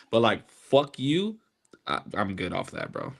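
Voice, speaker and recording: A man's voice: medium pitch, huge pitch swings, unhurried, gravelly. A young man co-hosting a podcast in casual chat, speaking bluntly and frankly. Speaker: podcast co-host.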